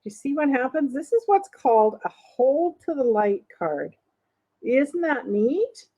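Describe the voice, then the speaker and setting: A woman's voice: high-pitched, very animated, a little slow, warm tone, poor audio. A woman hosting a casual show-and-tell video of vintage paper collectibles. She chats to the camera, laughs often and keeps asking viewers questions. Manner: laughs often, light and upbeat. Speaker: vintage ephemera seller and channel host.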